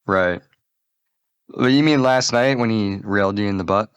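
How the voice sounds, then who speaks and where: A man's voice: lowish voice, moderate pace, clean tone, no room sound, dull audio. A man hosting a comedy podcast, bantering crudely and rambling in casual chat. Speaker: podcast host.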